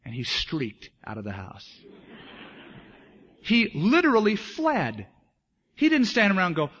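A male pastor preaching with a lively, swooping delivery that rises and falls for emphasis. His voice is slightly husky. The recording is dull and lo-fi, like an older church tape. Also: sits high, unhurried, pauses often. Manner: animated preaching, acting out voices in stories. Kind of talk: sermon.

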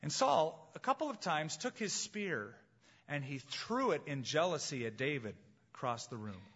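Man, pastor, sermon, emphatic, higher voice, muffled lo-fi sound. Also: big pitch swings, fairly bright tone, slightly rough. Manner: emphatic, slows down on key phrases.

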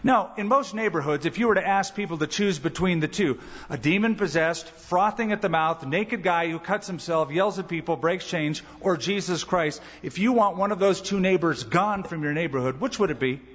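A man preaching a sermon as pastor, animated, acting out quoted voices. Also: moderate pace, husky. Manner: animated, acts out quoted voices with rising pitch. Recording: dull church recording with long reverb.

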